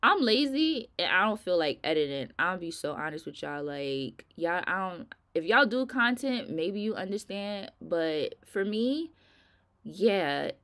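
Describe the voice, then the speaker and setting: Middle-aged woman, casual vlogger, tired and rambling, fairly low voice. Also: very animated, unhurried, fairly bright tone. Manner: chatty, rambling, informal, addresses viewers as y'all. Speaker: nail vlogger. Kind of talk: casual chat to viewers.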